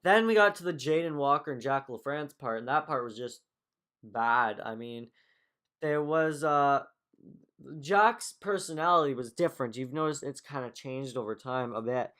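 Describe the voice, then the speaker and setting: A man with a bright, forward voice of middle pitch talks through a casual podcast review. He rambles, restarts and drops in "um" and "like," joking along the way as he picks apart what he watched. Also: animated, normal speed. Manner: rambling, filler-heavy, loose and joking. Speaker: podcast host.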